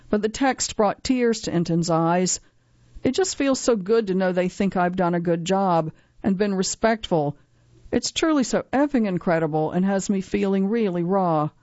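A woman reading a scripted news feature in a measured, even way. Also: lowish voice, dry recording, lo-fi sound. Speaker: narrator.

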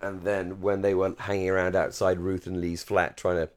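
An English man with a posh received pronunciation accent and a fairly low voice. He talks with eager enthusiasm, stumbling through restarts and "you know"s as he chats on a fan podcast. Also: little pitch movement. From England, Surrey-Hampshire border. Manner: chatty, enthusiastic, frequent restarts and fillers, quick to laugh. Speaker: podcast co-host. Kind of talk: casual chat.

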